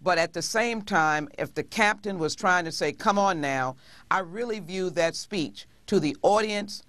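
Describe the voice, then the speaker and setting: A woman speaking as a congresswoman in a TV interview, measured and pausing often with hesitations. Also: fairly low pitch, a bit bright, no echo. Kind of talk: TV interview guest.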